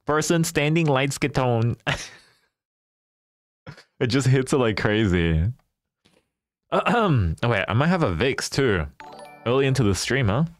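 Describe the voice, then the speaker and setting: Young man, streamer, casual chat, lively swinging pitch, dry close sound. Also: dry recording. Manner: animated, giggly, chatty.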